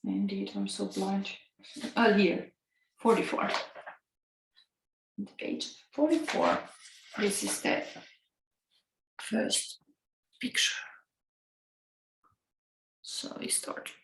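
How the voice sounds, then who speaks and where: A woman's voice: mid-range voice, sing-song, extremely slow, gravelly, long pauses, background noise. A chatty woman from Finland whose Finnish accent carries an Italian lilt. She muses her way through a casual tarot reading. Her mid-range voice rings with echo from the room. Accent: Finnish with Italian tinge. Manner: musing, chatty, laughs often. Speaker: tarot reader. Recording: echoey room.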